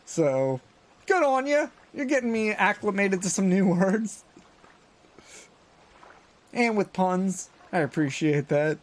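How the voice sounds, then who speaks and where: Enthusiastic streamer, slightly high voice. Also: male voice, animated, takes it slowly, long pauses. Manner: enthusiastic, chatting with viewers. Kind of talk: casual gameplay commentary.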